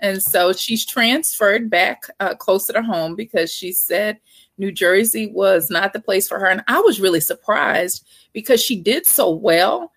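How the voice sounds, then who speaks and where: A woman's voice: medium pitch, measured pace, a bit bright, breathy edge, dry recording. A woman in her forties, a guest author and parent, talking candidly in a casual interview. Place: Texas.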